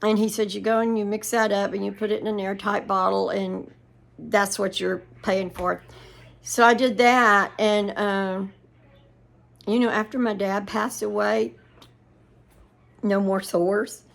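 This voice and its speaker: Older woman, homey vlogger; gravelly, meandering chat. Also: medium pitch, fairly even intonation, measured pace. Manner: rambling storytelling with laughs. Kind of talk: casual chat to viewers.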